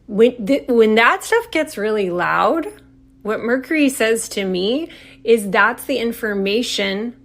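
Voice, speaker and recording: A woman hosts an astrology podcast solo, talking casually in a rambling, playful manner full of "like" fillers. Her voice is fairly high, somewhat bright and creaky.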